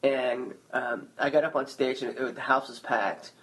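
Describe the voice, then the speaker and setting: A man's voice: mid-range voice, a little slow, low-quality recording. A man, a stand-up comedian, chatting as a podcast guest and acting out little stories. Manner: animated storyteller, acts out other people's lines. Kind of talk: casual chat.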